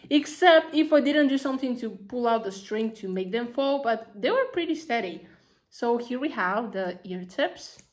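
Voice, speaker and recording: A woman talking casually through an unboxing, excitable and chatty, gushing over each item with lots of fillers. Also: on the high side. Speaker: vlogger.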